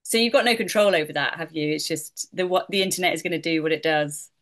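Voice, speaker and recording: A woman's voice: sits low, fast talker. Chatty woman voiceover artist. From United Kingdom. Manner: chatty, laughs often, many fillers like "like". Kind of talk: casual interview answers.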